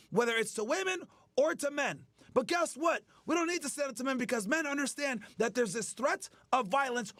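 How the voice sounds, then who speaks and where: High-voiced man ranting, dry close mic. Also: fairly bright tone, dry recording. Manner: profane, heated, mocking. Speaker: streamer host. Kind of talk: angry ranting commentary.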